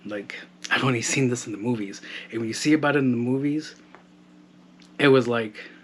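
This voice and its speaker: A man's voice: mid-range voice, moderate pace, a little hiss or hum. Profane storytelling man in his thirties. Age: 30s. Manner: blunt and profane, storytelling with quoted dialogue. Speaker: podcast host. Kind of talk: casual monologue.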